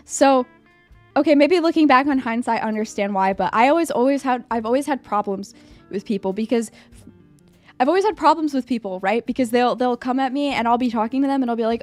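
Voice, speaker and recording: A young woman streaming live, chatting casually with her chat and answering a quiz about herself, animated and at times breaking into loud high squeals. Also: moderate pace, faint music behind. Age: young adult. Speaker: VTuber streamer.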